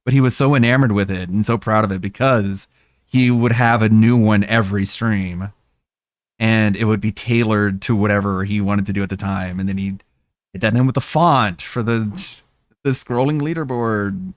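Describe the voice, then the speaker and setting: A man's voice: on the low side, steady tone, normal speed, no room sound. A man streaming, chatting casually and telling rambling, amused stories into a close mic.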